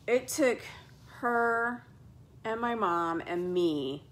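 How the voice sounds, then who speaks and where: Animated, dramatic woman host. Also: very slow. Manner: animated, dramatic, acts out scenes in high squeals. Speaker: podcast host. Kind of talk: casual chat.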